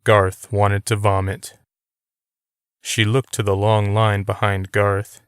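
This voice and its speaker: A man narrating a novel as an audiobook, reading in a steady, unhurried way. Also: on the low side, clear, resonant tone, no echo, studio quality. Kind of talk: scripted narration.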